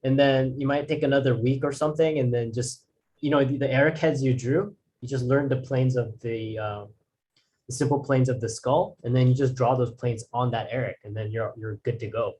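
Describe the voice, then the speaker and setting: A man's voice: medium pitch, fairly even intonation, brisk, a little mellow. A man teaching drawing in a casual, rambling way, restarting sentences and using fillers. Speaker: art instructor.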